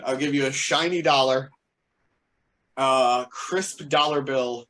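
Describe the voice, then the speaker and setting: A man's voice: mid-range voice, fairly even intonation, slow pace, fairly bright tone. Playful man in a rambling chat. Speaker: podcast co-host. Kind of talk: casual chat.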